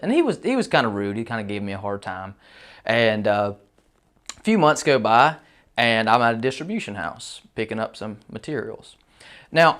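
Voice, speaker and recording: A man casually telling a roofing business story, voicing the people in it with a raised pitch. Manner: folksy, animated quotes with a raised pitch.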